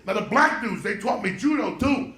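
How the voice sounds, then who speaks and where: A male stand-up comedian telling a story in a loud, profane way, often shouting. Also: high-pitched, big pitch swings, moderate pace. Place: comedy club stage. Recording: roomy club recording with crowd laughter. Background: audience laughter and room noise.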